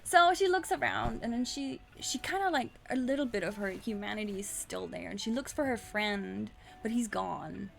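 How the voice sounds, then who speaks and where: A woman's voice: mid-range voice, expressive, normal speed, creaky, hardly any pauses, fairly bright tone, soft background music. A woman streamer casually recapping a story, rambling with restarts and swearing.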